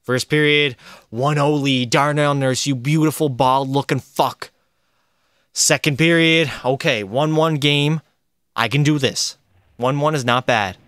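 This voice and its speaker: A young male streamer calls his hockey game live, excitable and chatty as he talks to his chat and his virtual teammates. His voice is smooth and clear at an ordinary pitch. It sits close and dry on the mic with no room around it. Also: a little slow, no room sound. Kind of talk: live gameplay commentary.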